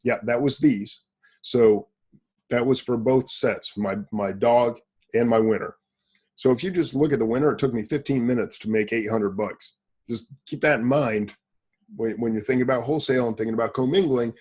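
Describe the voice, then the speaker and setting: A man's voice: medium pitch, normal speed, darkish tone, breathy edge. A man hosting a casual business podcast, talking bluntly and boastfully and answering his own rhetorical questions. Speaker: podcast host.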